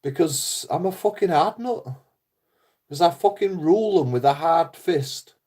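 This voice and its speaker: A man's voice: on the high side, expressive, measured pace, darkish tone. A man talking in a casual, rambling monologue, blunt and full of swearing, often laughing. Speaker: YouTuber.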